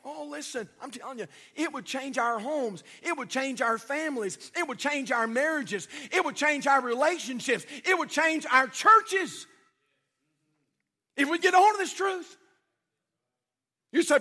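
A pastor, a man, preaches from the pulpit in a strikingly high voice. His tone is bright and forceful, and he animates stories with mimicked voices, swinging from loud exhortation to hushed tenderness. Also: fairly quick, in a large hall. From United States. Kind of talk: sermon. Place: church sanctuary.

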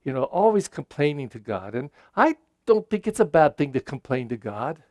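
Older pastor with a higher voice. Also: male voice, very animated, moderate pace, a little mellow, no room sound, clean studio sound. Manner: conversational, folksy, with frequent fillers. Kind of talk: Sunday homily.

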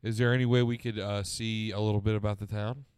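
A man's voice: lowish voice, flat delivery, quick pace, a little mellow, clear, resonant tone, no room sound. A young man in casual crude banter with friends, exploring a map together. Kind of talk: casual chat over a map game.

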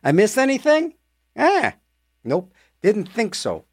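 A man's voice: high-pitched, sing-song, takes it slowly, gravelly, pushed and bright, dry recording, clean studio sound. A man hosting a casual radio music show, rambling and joking to himself between songs. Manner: rambling, jokey, talks to himself. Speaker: radio host.

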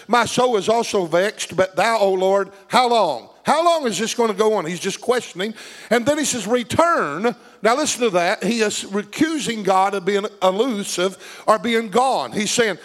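A man preaching a sermon, reading scripture and putting questions to his congregation. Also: sits high.

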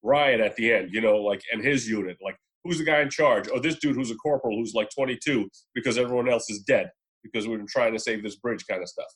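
A man's voice: medium pitch, fast talker, hardly any pauses, slightly rough. A man in a casual podcast chat, giving rambling, opinionated takes on movies. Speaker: podcast panelist. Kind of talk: casual film discussion.

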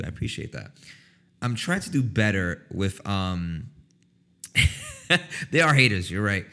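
A young man chatting casually to his viewers, rambling and swearing, often breaking into a loud high-pitched cackle. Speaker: livestream host. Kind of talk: casual chat.

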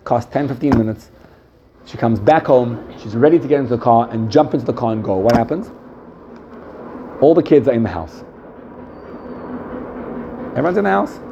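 A man teaching a class, telling a story with lively rises and soft drops and asking his listeners questions. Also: medium pitch, normal speed, gravelly, long pauses, dull audio, noisy background. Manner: animated storytelling, rising excitedly and dropping softly. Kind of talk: lively lecture with questions to the audience.

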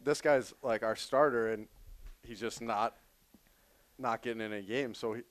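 A man's voice: mid-range voice, steady tone, moderate pace. A man, a hockey player, telling stories in a casual interview and laughing as he talks. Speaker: professional hockey player guest.

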